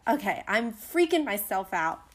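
A woman co-hosting a casual book chat, animated and full of questions. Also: medium pitch, moderate pace, a little hiss or hum. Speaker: book podcast co-host. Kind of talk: casual chat about a novel.

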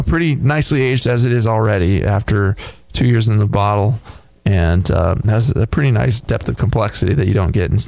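Gravelly, halting man talking beer. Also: lowish voice, darkish tone, no echo. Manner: thoughtful, halting, many fillers and restarts. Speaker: podcast co-host reviewing beer. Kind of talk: casual tasting chat.

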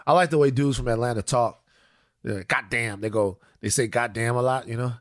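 A man's voice: medium pitch, quick pace, dry recording. Rambling, joking man, dry close sound. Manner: rambling, joking, repeats phrases for laughs. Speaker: podcast co-host. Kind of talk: casual chat.

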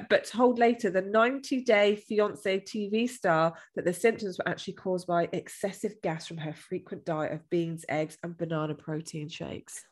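A woman co-hosting a podcast, chatting casually and crudely with bursts of giggling. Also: mid-range voice. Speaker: podcast co-host.

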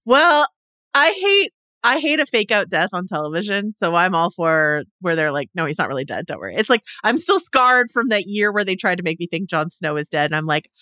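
Woman, bright clear tone, chatty, acts out little dialogues, dry recording. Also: medium pitch, sing-song, dry recording. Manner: chatty, quick restarts, plays out imagined dialogue. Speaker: podcast co-host. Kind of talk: casual pop-culture chat.

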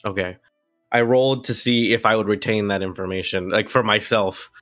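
A man playing in a casual tabletop game, talking in a laid-back, deadpan way. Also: lowish voice, moderate pace, no echo, studio quality, faint music behind. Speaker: player.

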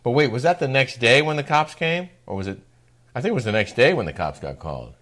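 Middle-aged man co-host, average pitch, laid-back and affable. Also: big pitch swings, fast talker, fairly bright tone. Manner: easygoing, affirming, chuckles often. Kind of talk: casual chat.

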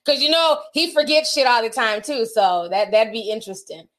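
Reading super chats on her casual stream, a woman talks frankly, laughs frequently and throws in slang. Her pitch is fairly high, her tone fairly bright, and her pace moderate.

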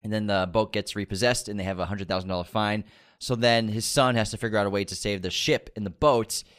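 A man's voice: lowish voice, steady tone, fast, fairly bright tone. A man, co-hosting a casual movie news podcast, joking and laughing often. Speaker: podcast co-host.

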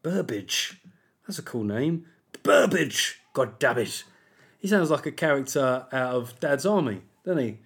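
A man's voice: medium pitch, expressive, normal speed. A man hosting a podcast alone, chatting casually in a rambling, jokey, self-deprecating way. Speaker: podcast host. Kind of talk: casual solo podcast chat.

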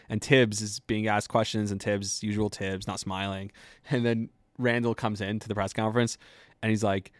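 A man hosting a podcast, telling sports stories in a chatty, excited way with lots of fillers. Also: on the low side, no echo, clean studio sound. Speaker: podcast host. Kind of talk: casual sports talk.

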